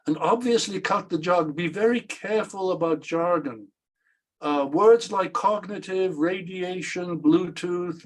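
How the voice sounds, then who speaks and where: A man's voice: a little high, a little mellow. A man presenting a workshop, talking in an emphatic, repetitive way with a slight stammer. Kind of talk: instructional talk.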